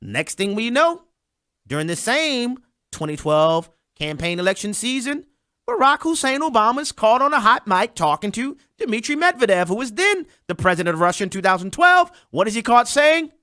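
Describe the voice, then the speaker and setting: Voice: medium pitch, very animated, moderate pace, sharp tone, dry recording, studio quality. A host delivering a sarcastic political commentary monologue, talking straight to listeners and mocking the people discussed.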